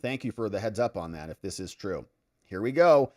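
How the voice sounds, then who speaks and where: A man's voice: fairly low pitch, lively intonation, fairly quick, darkish tone. A man hosting a casual livestream, reading out viewer comments and reacting to them. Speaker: livestream host.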